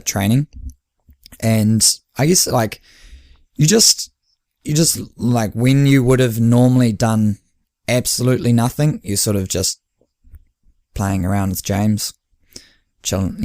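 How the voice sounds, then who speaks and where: A man's voice: lowish voice, vocal fry, a little mellow, no echo, clean studio sound. A man, co-hosting a podcast and chatting casually as an endurance coach, often laughing and acting out his own dialogue. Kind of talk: casual chat.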